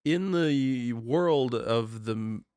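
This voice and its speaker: A young man co-hosting a podcast in casual chat, rambling and animated with lots of filler words. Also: medium pitch, extremely slow, clean tone, dry recording, clean studio sound. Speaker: podcast co-host.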